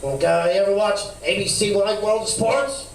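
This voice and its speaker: A man with a fairly high voice works the room in a brash, crude stand-up persona, tossing off mumbled asides. He sounds far from the mic in an echoey club, with steady noise behind him. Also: moderate pace. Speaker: stand-up comic. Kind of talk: stand-up set in a brash lounge-act persona. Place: comedy club stage, live.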